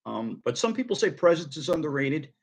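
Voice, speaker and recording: A man's voice: a little high, very animated, fairly quick, creaky. A middle-aged man from the United States chatting casually about a record album, rambling with frequent ums and restarts. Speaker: record collector vlogger.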